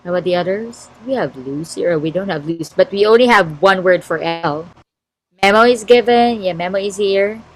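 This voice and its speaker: A woman with a Filipino English accent is teaching an online class, reading aloud and checking her students' answers in a word game. She sounds encouraging as she goes through them. Her pitch is fairly low, and the recording is rough.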